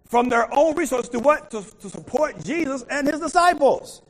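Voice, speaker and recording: In a rough recording, a pastor with a very high voice delivers a call-and-response sermon at a moderate pace. His preaching is animated, and he keeps asking the congregation to complete his words.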